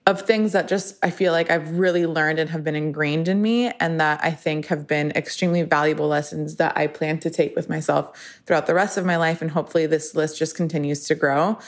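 A woman of thirty talks straight to her podcast listeners in a relaxed, rambling way, with "like" and "you know" running through her sentences. Her voice sits a little low for a woman. She pokes fun at herself as she goes. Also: fairly quick, few pauses. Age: 30s. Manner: chatty, filler-heavy, self-deprecating. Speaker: podcast host. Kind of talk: casual solo podcast monologue.

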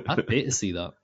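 A Scottish man co-hosting a football podcast, talking in sweary, laughing, animated banter. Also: mid-range voice, husky, highs cut off. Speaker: podcast co-host. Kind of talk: casual football chat.

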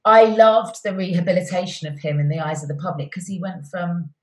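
A middle-aged woman, a TV presenter as interview guest, telling stories warmly and effusively with many restarts. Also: lowish voice, a little fast. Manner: warm, effusive storytelling with restarts. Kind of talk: conversational interview. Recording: roomy echoey sound.

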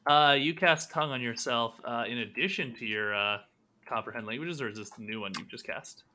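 A man running a tabletop game as game master. His voice is bright and his delivery casual, with lots of fillers and hesitation. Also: mid-range voice, brisk.

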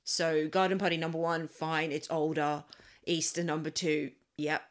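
A woman co-hosting a casual chat, frank and quick to react. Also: low-pitched, level tone. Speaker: podcast co-host.

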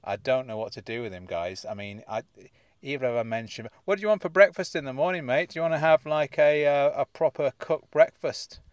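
A man's voice: mid-range voice, lively intonation, fairly quick, smooth, no room sound. A man hosting a casual comedy podcast, rambling and hesitant with many restarts. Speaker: podcast host.

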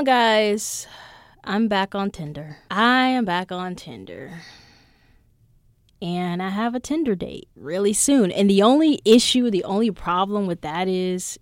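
A young adult woman hosting a podcast, telling stories in a casual monologue that is animated and full of swearing. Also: medium pitch, no echo, clean studio sound. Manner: profane, animated storyteller. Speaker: podcast host.

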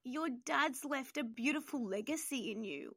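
A woman hosting an interview, talking fast and emotionally with lots of fillers while grieving. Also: high-pitched, expressive, fairly bright tone, dry recording, clean studio sound. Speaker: podcast host.

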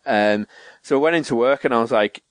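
Animated young man. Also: fairly quick, no echo. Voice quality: animated storyteller, swearing, acting out quotes in a higher voice. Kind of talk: casual chat.

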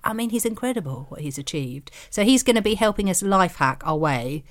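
A woman's voice: mid-range voice, animated. Teasing woman co-hosting a podcast. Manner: teasing, quick interjections. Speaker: podcast co-host. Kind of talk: casual podcast chat.

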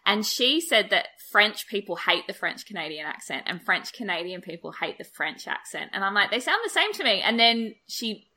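A woman's voice: mid-range voice, lively intonation, moderate pace, few pauses, bright, forceful tone. A woman with a polished Sydney Eastern Suburbs Australian accent, co-hosting a podcast in casual, giggly chat. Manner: giggly, chatty, self-described refined speech. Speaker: podcast co-host.

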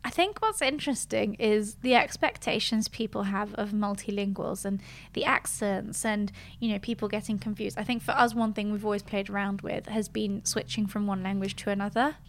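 A woman's voice: mid-range voice, steady tone, moderate pace, few pauses. A woman, chatting casually and animatedly in a playful conversation. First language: French. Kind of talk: casual chat.

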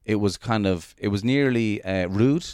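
A man's voice: fairly low pitch, normal speed, a little mellow, clear, resonant tone, no echo. A man from Ireland with an Irish accent, a comedian chatting on a podcast, joking and rambling with many restarts. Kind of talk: casual chat.

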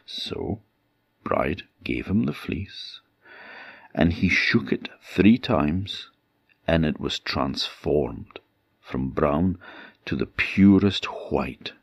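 A male storyteller from the Orkney Islands, telling an old folk tale in a very deep, gravelly voice. He speaks slowly and expressively, repeating words for effect, recorded close and dry. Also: no echo. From Orkney Islands, Scotland. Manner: unhurried, expressive, with repetition for effect.

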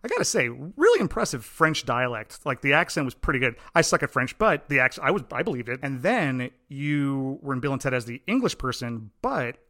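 A man from Long Island hosting an interview, talking like an excited fan with jokey asides. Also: medium pitch, no echo, studio quality. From Long Island, New York. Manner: enthusiastic fan, rapid jokey delivery. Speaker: podcast host. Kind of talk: casual interview chat.

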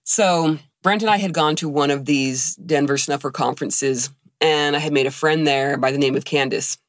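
A woman's voice: low voice, moderate pace, dry recording, clean studio sound. A woman co-hosting a casual podcast, telling a personal story and acting out the quoted voices. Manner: animated, acts out quoted dialogue. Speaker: podcast co-host.

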